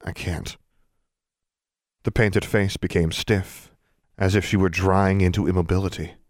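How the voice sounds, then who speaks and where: Man, audiobook narrator, deep voice, measured, dry close recording. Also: no echo. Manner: even, measured storytelling, hushing for suspense. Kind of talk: scripted narration.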